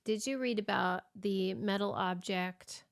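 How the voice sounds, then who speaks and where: A woman co-hosts a podcast in easy, casual chat. She tells stories with wry asides, and her voice carries a gravelly, creaky edge at an ordinary pitch. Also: measured pace. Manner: chatty storyteller, wry asides. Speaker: podcast co-host.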